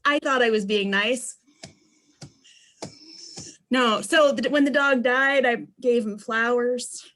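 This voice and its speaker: A woman's voice: a little high, takes it slowly, pauses often, a bit bright, rough recording. A woman in a video-call workshop telling an embarrassing anecdote in a self-deprecating, casual way. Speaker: workshop participant.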